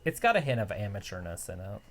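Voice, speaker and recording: A woman's voice: a bass voice, big pitch swings, quick pace. A woman co-hosting a casual live reaction chat, giving wry running commentary with trivia asides. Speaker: co-host reacting to a wrestling show.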